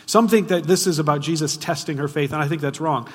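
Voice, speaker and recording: Higher-voiced preacher in a reverberant hall. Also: male voice, fast talker. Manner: asks the audience frequent rhetorical questions; swings between hushed and loud emphatic delivery. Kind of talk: sermon. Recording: long reverb of a large hall.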